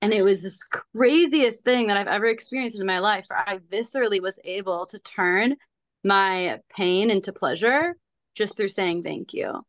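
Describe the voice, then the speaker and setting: A woman's voice: medium pitch, normal speed, dry recording. Earnest woman telling a story, dry sound. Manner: earnest, emphatic storytelling with laughs. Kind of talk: casual chat.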